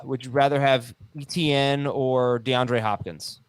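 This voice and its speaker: A man hosts a fantasy sports podcast in a loose, joking way, reading listener questions and laughing between them. His pitch is middling and the sound is dry and close. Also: fairly even intonation, unhurried, clear, resonant tone, no room sound. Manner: jokey, laughing, reads listener emails aloud. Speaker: podcast host. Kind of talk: casual sports chat.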